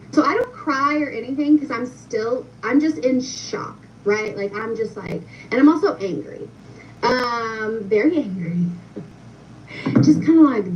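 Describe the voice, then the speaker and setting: A young woman with a fairly high voice, chatting away to her viewers with plenty of fillers. She sounds set back from the mic, muffled, with a faint hiss underneath. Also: animated, moderate pace. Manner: chatty, many fillers, addresses viewers directly. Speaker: storyteller. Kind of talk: casual storytelling to viewers. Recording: distant, muffled with faint noise.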